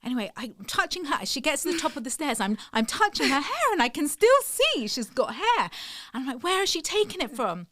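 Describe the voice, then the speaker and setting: A woman co-hosting a casual podcast chat, telling animated stories and laughing often. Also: high-pitched, brisk, dry recording, studio quality. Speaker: podcast co-host.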